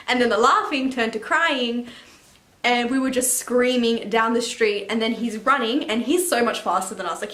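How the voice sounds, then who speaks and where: Chatty teenage girl in an echoey room. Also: a little high. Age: late teens. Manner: chatty, animated, laughing and swearing casually. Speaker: vlogger. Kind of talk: story time chat.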